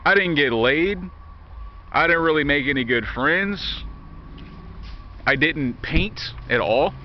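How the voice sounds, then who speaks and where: A man's voice: medium pitch, a little hiss or hum. A man in his thirties gives a candid vlog monologue. He talks bluntly and swears constantly, circling back and restarting his sentences. The recording sounds muffled and lo-fi. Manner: blunt, heavily profane, rambling with restarts. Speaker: vlogger. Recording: dull lo-fi recording.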